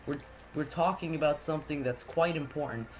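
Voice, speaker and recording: Polite little game girl, pitched up, stammers a bit, as a man does her. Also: fairly quick, a little hiss or hum, natural voice.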